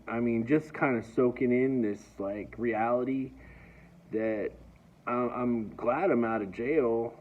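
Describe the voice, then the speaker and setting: A man's voice: medium pitch, slow pace. A man telling a personal story in a casual, rambling way, often stammering and restarting. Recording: dull lo-fi recording.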